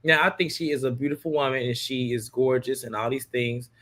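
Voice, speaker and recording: A man's voice: medium pitch, steady tone, fairly bright tone. A man co-hosting a casual recap chat, talking in loose, laughing asides. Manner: chatty, laughing, drawn-out asides. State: yawning. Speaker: podcast co-host.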